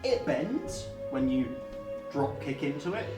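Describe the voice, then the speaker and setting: A man's voice: on the high side, very animated, a little slow, far from the mic. A man acting as game master, narrating the action in a wry, teasing, laid-back way. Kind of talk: running a tabletop game. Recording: echoey room with music behind.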